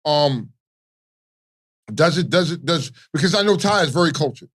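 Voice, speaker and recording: Man, Baltimore accent, radio co-host, casual profane banter, slightly high pitch. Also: lively intonation, normal speed, husky. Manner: laid-back, profane, keeps asking "you know what I mean". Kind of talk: casual morning-show banter.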